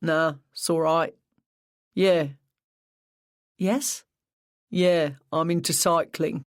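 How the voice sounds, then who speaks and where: Read by the narrator, a sullen young man drops short, flat answers that go nowhere. His grief sits just under the clipped words. The read is dry and close, with no room sound. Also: fairly high pitch, drawn-out words, clear, resonant tone, no room sound. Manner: flat, curt, mumbling replies. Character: grieving sullen young male cyclist.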